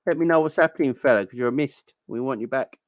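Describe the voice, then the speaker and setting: A man's voice: medium pitch, fast, no room sound, phone-quality sound. Chatty man hosting a livestream. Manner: chatty, gives shout-outs and reacts to viewers' comments. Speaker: host of a football fan livestream. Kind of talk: casual livestream chat.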